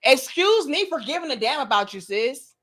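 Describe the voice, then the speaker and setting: Woman host, high voice, outspoken and profane, monologue style. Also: big pitch swings, normal speed, a bit bright. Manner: blunt and profane, slips into mocking quoted voices. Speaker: commentary channel host. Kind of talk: opinionated monologue to camera.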